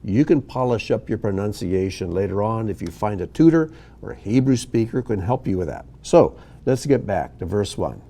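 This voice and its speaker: Midwestern male teacher, low mellow voice, slow and patient, lively intonation, recorded video lesson. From Ohio, USA. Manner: patient, slow and explanatory, with self-corrections and asides. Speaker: Hebrew teacher.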